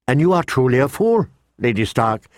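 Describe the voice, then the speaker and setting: A man reading aloud, voicing a sharp-tongued, sardonic male dwarf nobleman in a slightly raised voice. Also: mid-range voice, big pitch swings, no echo, clean studio sound, lightly acted. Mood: mocking. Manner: sardonic, quick, cutting.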